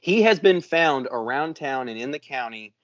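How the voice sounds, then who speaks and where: A man's voice: mid-range voice, normal speed, no room sound. A man telling a story in a casual podcast chat, swearing constantly and acting out what others said. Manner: profane, animated storyteller acting out quotes. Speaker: podcast co-host. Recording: muffled lo-fi dry sound.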